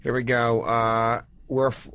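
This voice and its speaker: A man's voice: medium pitch, flat delivery, slow pace, fairly bright tone, clean tone, no echo. A man co-hosting a podcast, reading listener questions and ribbing the host in casual banter. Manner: laid-back, ribbing, reads questions aloud.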